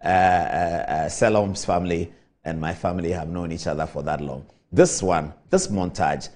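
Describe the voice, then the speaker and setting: A man's voice: deep voice, normal speed, a little mellow, slight background noise. A man with a Ghanaian accent hosting a TV talk show, telling a rambling, apologetic story in a casual on-air monologue.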